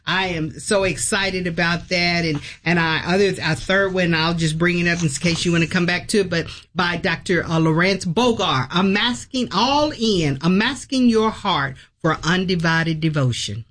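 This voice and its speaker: A woman's voice: on the low side, normal speed, few pauses, a bit bright. A woman organizing a church conference talks about it on a radio show, sounding enthusiastic and affirming, with plenty of fillers. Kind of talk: casual radio conversation.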